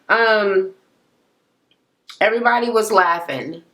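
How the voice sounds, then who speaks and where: A woman's voice: medium pitch, takes it slowly. A woman ranting in a casual recap of a reality show, blunt, profane and mocking. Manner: exasperated, animated.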